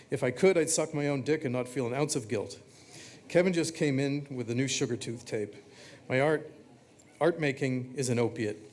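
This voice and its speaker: A man reading his own text aloud, delivering short confessional quips in a flat, deadpan way. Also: medium pitch.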